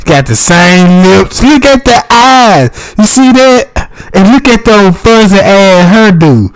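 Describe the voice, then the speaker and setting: A man, talking loosely into his livestream in a somewhat high voice. He rambles, swears freely and keeps checking that his listeners follow him. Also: animated, slow pace. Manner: loose, profane, keeps asking "you know what I'm talking about". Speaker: livestream host. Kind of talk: casual livestream commentary.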